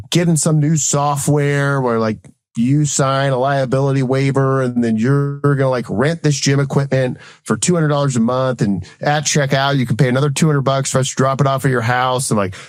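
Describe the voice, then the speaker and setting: A man's voice: medium pitch, dry recording. A man in his thirties, a former Marine officer, telling a story casually and rambling, with "like" in nearly every phrase and quoted exchanges acted out. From United States. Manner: fast, rambling, heavy use of "like", acts out quoted exchanges. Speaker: guest, Marine officer and entrepreneur.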